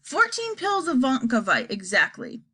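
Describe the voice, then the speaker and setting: A woman voicing an eccentric, chirpy male candy maker in an audiobook, brisk and theatrical. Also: sits high, wildly swooping pitch, pushed and bright, slightly rough, exaggerated voice. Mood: breezy.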